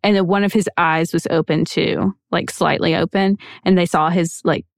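A woman's voice: on the low side, fairly even intonation, moderate pace, vocal fry, no room sound, studio quality. A woman hosting a podcast, telling a true-crime story in a loose, conversational way with many fillers. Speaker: podcast host.

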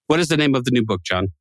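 With a mid-range voice and no room sound, a man co-hosts a casual podcast chat. He jokes and rambles, laughing often.

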